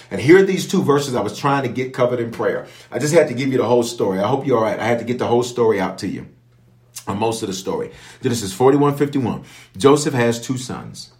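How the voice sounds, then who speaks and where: A man preaching as a bishop, mid-pitched and emphatic, driving his points home with repeated phrases and prophetic declarations. He speaks directly to his online viewers. The voice rings out in an echoey room. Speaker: bishop leading online prayer. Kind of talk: preaching prayer and Bible teaching.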